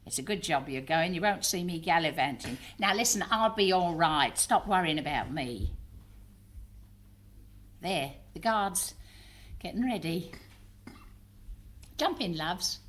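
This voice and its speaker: A woman performing a comic monologue as a grandmother bravely seeing her family off on a train, her voice climbing high as she insists she'll be fine. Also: expressive, unhurried, pauses often, a bit bright. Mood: brave cheerful. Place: live theatre stage before an audience.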